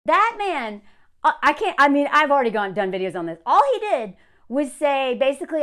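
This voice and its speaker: A woman's voice: sits high, sing-song, brisk, a bit bright. Woman ranting on her channel, sarcastic and scornful, voice jumping all over. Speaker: commentary vlogger. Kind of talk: opinionated commentary rant.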